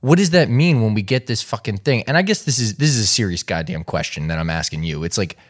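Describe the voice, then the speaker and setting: A man's voice: fairly low pitch, lively intonation, fast. A man in a casual podcast chat, speaking with frustrated emphasis and heavy swearing.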